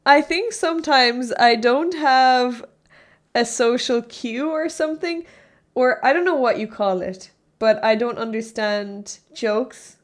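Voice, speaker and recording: A woman streamer chatting casually with her viewers, rambling and often stopping herself mid-thought. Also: fairly high pitch. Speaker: live streamer. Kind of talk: casual live-stream chat.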